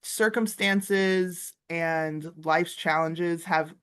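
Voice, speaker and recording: A woman's voice: on the low side, very slow, fairly bright tone, clean tone. A woman in her thirties from Florida, an artist and comics teacher, chatting casually in an interview with lots of filler words over a video call. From Florida, USA. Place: art studio, indoors.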